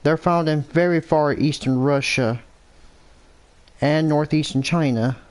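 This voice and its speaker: An American man talks unhurriedly over a hunting game in a fairly high voice, rambling from thought to thought. He often stops to correct himself mid-sentence. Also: a little slow. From United States. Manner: rambling and self-correcting, thinking aloud. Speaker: gameplay commentator. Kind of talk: casual gameplay commentary.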